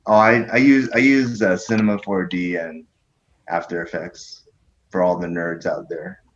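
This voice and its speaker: A man's voice: sits low, steady tone, moderate pace, dull audio, slight background noise. A man in his forties chatting as a guest over a video call, laid-back and hesitant, with lots of fillers. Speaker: podcast guest.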